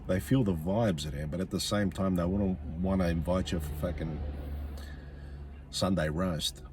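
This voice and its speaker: Man, very low voice, blunt profane comic rant, repeats lines for punch. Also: normal speed, background noise. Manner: blunt and sweary, repeats himself for emphasis. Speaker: comedian.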